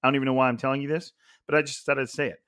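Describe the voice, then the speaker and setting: This man hosts a casual solo sports podcast, rambling and thinking aloud with frequent restarts and asides. He talks very fast at a medium pitch that barely moves, a bit bright, into a gaming headset, with clean studio sound and no echo.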